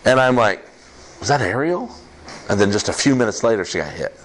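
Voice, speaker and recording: Lively conversational male pastor preaching. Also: lowish voice, a little hiss or hum. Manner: animated, conversational preaching with laughs and quick asides. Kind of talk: sermon. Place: church service with congregation.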